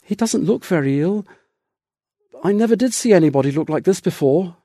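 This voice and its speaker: A man's voice: high-pitched, lively intonation, moderate pace, dark tone, dry recording, clean studio sound. A man voicing a timid, frightened young country mother who stammers anxiously in an audiobook reading. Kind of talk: audiobook character voice.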